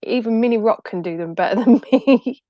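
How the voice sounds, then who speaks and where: A woman's voice: fairly high pitch, brisk, dry recording, dull audio. A woman on a video call, bashful and laughing as she talks. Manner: bashful, laughs while talking. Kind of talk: casual chat.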